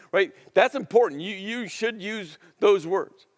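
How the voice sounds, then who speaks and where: Emphatic preacher in a reverberant hall. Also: male voice, high-pitched. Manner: storytelling, emphatic, with dramatic pauses and repetition. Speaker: pastor. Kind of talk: sermon. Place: church auditorium.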